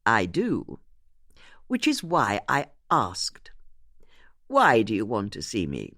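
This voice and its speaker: A narrator voicing a relaxed, smugly amused man in his late fifties. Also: medium pitch, takes it slowly, exaggerated voice. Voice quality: easy, amused superiority.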